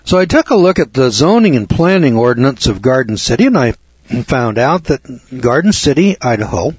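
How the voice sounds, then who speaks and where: A man's voice: mid-range voice, big pitch swings, a little fast, a little mellow, breathy edge, no room sound, dull audio. A man telling a folksy anecdote to an audience in a conversational way, repeating phrases for emphasis. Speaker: storyteller addressing an audience.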